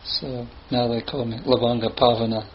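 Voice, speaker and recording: A man telling a personal story in casual, halting speech, pausing often and restarting his sentences. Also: medium pitch, flat delivery, a crowd in the background. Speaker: spiritual teacher telling a story. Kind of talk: storytelling talk. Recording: dull sound with faint ambient noise.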